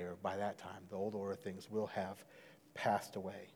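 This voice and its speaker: A man preaching a sermon in a conversational way, dropping to a hush and then rising loud. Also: low voice, little pitch movement, normal speed. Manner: conversational, swings from hushed to loud. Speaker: pastor. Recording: long hall reverb.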